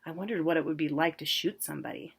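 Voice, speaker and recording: A woman reading a first-person novel aloud in a plain, unhurried way. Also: low voice, husky. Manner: plain, unhurried, with casual asides about pronunciation. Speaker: reader.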